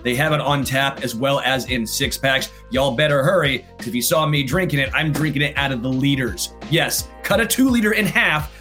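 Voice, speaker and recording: A man's voice: medium pitch, fairly bright tone. A man co-hosting a casual sports talk show, laid-back and laughing easily, also reading a sponsor spot. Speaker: sports podcast co-host. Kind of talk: casual sports chat with ad read.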